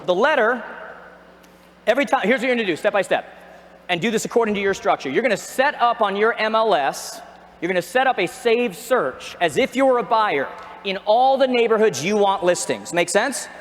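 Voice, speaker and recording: A man giving an energetic seminar talk on a stage, asking the audience questions and joking with them. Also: sits high, moderate pace. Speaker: real estate trainer. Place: large arena. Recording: echoey arena with long reverb.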